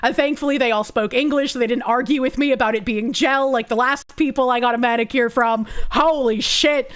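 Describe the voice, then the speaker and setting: A woman with a high voice chats casually on stream and tells a long story. Her talk is loose and rambling and full of "like" and restarts. She swears freely throughout. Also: steady tone, fairly quick, smooth. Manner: rambling and profane, full of fillers like "like".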